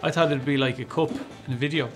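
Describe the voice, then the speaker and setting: A man's voice: mid-range voice, steady tone, quick pace, faint music behind. A young man from Ireland with an Irish accent, casually reacting on camera and cracking playful jokes. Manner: joking, playful asides. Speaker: contributor taking a test.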